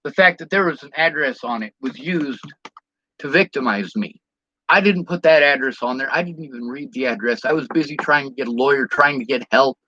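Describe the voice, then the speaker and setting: A man's voice: medium pitch, brisk, sharp tone, no echo, lo-fi sound. A man venting in a personal vlog rant, bitter and indignant, with frequent swearing.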